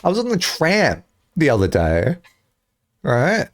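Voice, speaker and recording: Speaking slowly in a fairly high voice, this young adult man chats on a stream, wandering through lively anecdotes full of profanity and regular bursts of laughter.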